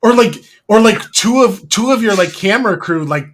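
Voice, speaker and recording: A man's voice: high voice, expressive, normal speed, fairly bright tone. A man co-hosting a casual podcast, talking in a mocking way and reading quotes aloud. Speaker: podcast co-host.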